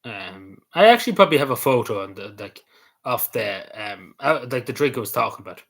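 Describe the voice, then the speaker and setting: A man's voice: mid-range voice, lively intonation, fairly quick, gravelly, fairly bright tone. An Irish man streaming a casual chat. He rambles loosely, with lots of ums, uhs and likes. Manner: meandering, full of ums and likes.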